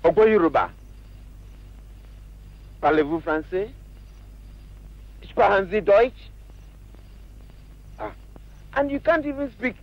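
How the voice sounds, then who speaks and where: A man's voice: sits high, creaky, fairly bright tone, dry recording, exaggerated voice. An actor playing a boastful trickster who blusters, threatens and coaxes, switching between languages, on dull old film sound. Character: boastful trickster Ananse, sly adult man. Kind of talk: 1960s film acting.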